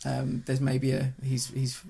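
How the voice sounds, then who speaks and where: A man's voice: medium pitch, monotone, measured pace, gravelly, mellow, breathy edge. A man co-hosting a podcast in casual chat, reviewing TV shows with exasperated, rambling complaints. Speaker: podcast co-host.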